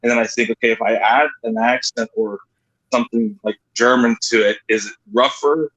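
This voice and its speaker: A man's voice: medium pitch, fairly even intonation, normal speed, a bit bright, rough recording. A man guesting on a casual livestream chat, explaining his voice work in long, rambling sentences. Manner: rambling, explanatory, many restarts. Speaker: guest voice actor.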